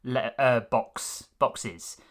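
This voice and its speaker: A man co-hosting a casual podcast chat, speaking in a chatty, animated way. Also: mid-range voice, very slow. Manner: chatty, animated, acts out quotes. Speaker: podcast co-host.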